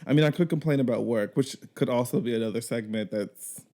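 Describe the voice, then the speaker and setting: A man co-hosting a podcast, telling a story in casual, animated chat and swearing now and then. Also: mid-range voice, fairly quick. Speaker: podcast co-host.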